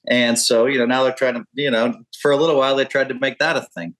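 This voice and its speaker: A man's voice: medium pitch, fairly even intonation, fast talker, fairly bright tone, poor audio. A man in his fifties, a poker pro talking as a podcast guest, rambling and candid with frequent profanity. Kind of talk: casual interview talk.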